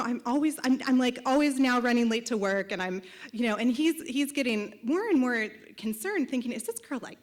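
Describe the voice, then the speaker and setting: A woman with a higher voice tells a personal story on a live show stage. She leans on comic timing and punchy asides, speaking into a stage mic.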